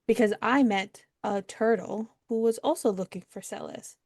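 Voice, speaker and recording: A woman playing a tabletop game, asking gentle, probing questions in character. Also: a little high, moderate pace, no echo, studio quality. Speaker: player.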